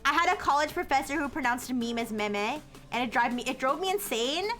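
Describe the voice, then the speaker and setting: A woman's voice: high voice, animated, a little fast, sharp tone, soft background music. A young woman chatting casually on a livestream, answering chat messages and giggling often.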